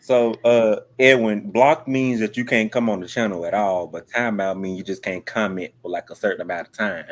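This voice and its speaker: A woman co-hosting a live-stream show and moderating its chat, talking in a relaxed, halting way with lots of fillers. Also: rumbling low. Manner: relaxed, hesitant, with many fillers.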